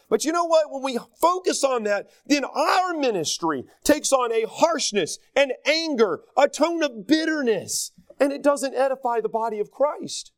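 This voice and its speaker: A middle-aged pastor with a Southern accent delivers a lively, self-mocking sermon. His voice sits high and leaps up and down as he acts out the people he quotes. The sound is dry and close. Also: moderate pace, few pauses, dry recording.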